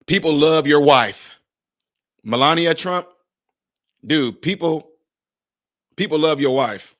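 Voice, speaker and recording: A man's voice: fairly high pitch, takes it slowly, fairly bright tone. A man giving emphatic, conversational commentary in a vlog, speaking directly to his viewers.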